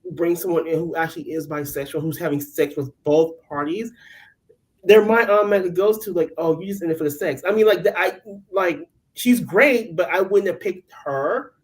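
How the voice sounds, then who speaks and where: A woman co-hosting a casual recap podcast, telling the story in a lively, animated way and acting out what the cast said. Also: lowish voice, moderate pace, rough recording. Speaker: podcast co-host.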